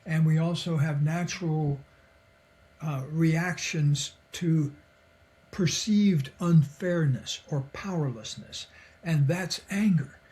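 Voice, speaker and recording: An older man talks in an easy, reflective way, a guest on a podcast telling stories from his life and work. His voice sits a little high for a man, and he chuckles often and slips into the voices of the people he quotes. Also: slow, darkish tone. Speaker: podcast guest, psychologist and author. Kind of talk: relaxed conversational storytelling.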